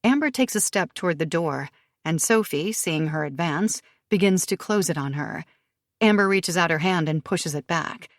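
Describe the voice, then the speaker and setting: A woman narrating a thriller audiobook in a steady, measured way, recorded close to the mic. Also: fairly low pitch, dry recording.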